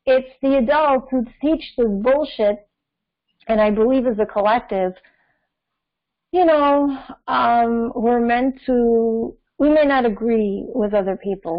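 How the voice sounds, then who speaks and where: Rambling preachy woman, lo-fi audio. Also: a little high. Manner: rambling, preachy, many fillers. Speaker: astrology channel host. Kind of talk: casual opinion monologue. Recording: dull lo-fi audio.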